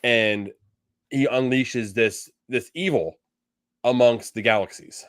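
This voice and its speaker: A man's voice: medium pitch, slow, no echo, studio quality. A man co-hosting a podcast, chatting casually and rambling with lots of restarts. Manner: rambling, many restarts and fillers. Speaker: podcast co-host. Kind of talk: casual fan discussion.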